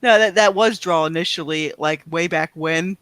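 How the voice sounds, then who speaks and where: A woman on a casual livestream panel, excitable and quick to exclaim and laugh. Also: lowish voice, no room sound.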